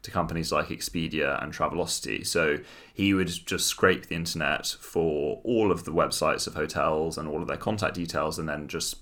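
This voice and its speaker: A man's voice: a bass voice, normal speed, few pauses, a bit bright. A man co-hosting a casual chat show, narrating a story with wry, mock-dramatic asides. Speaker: podcast co-host.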